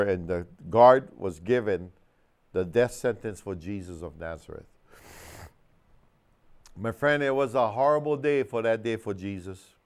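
Male tv preacher, smooth clear voice, super animated, says my friend every other line. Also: mid-range voice. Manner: animated storytelling, acting out crowd shouts; keeps addressing the listener as my friend. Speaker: minister. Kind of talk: TV sermon. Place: TV studio.

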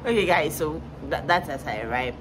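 A young woman, loud and playful in casual chat. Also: deep voice, animated, normal speed, noisy background. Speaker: guest co-host.

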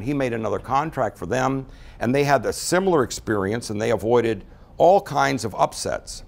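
Brief: male teacher addressing a room, gravelly, lively storytelling delivery. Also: mid-range voice. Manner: storytelling, acts out quoted people in changing voices. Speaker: speaker teaching about relationships. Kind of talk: talk to a live group.

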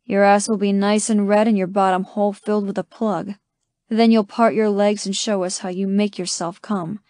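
A woman's voice: mid-range voice, level tone, normal speed, mellow, no echo, studio quality, close to an everyday voice. A woman voicing a confident, teasing young man in an audiobook romance.

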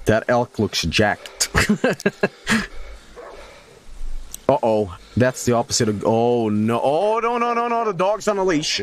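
A man's voice: medium pitch, sing-song, slow pace, long pauses, slight background noise. A man streaming a video game, chatting casually with jokes and swearing. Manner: joking, rambling, swearing.

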